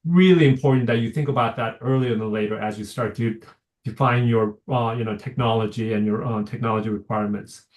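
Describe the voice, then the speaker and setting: A man's voice: mid-range voice, steady tone, fairly quick, a little mellow. A man giving a workshop talk over a video call, explaining with many fillers and restarts. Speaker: invited speaker on medical devices.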